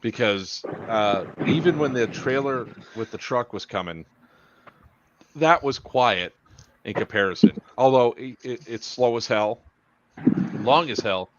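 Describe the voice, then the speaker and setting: A man hosting a casual podcast chat, rambling and halting with lots of fillers and restarts. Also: medium pitch, a bit bright, dull audio, a little hiss or hum. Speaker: podcast host.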